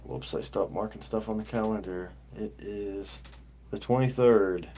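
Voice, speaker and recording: A man's voice: lowish voice, a little slow, noisy background. A middle-aged man, hosting a casual livestream and telling a rambling story full of fillers and restarts. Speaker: livestream host.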